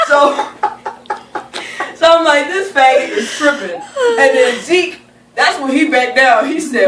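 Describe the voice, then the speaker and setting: A young woman casually telling a funny story to friends, animated and profane, often laughing as she talks. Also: high voice, measured pace. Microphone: camera held by a friend. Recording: roomy sound from a distant camera, faint noise.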